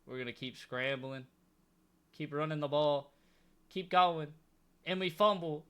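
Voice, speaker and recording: Young male gamer, high bright voice, exasperated comic whining as he plays. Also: measured pace, long pauses, clean tone. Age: young adult. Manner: exasperated, pleading, comic complaining. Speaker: gaming YouTuber. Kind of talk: live game commentary.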